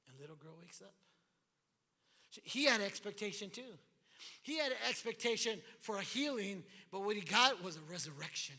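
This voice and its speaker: A pastor preaches with a strikingly high, bright voice. He is animated and acts out the figures from the scripture story. His voice rings with the long reverb of a large church hall. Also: normal speed. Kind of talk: sermon.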